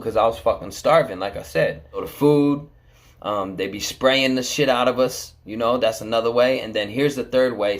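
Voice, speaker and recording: A man telling a camera about his time in prison, in casual, blunt street talk full of swearing. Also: mid-range voice.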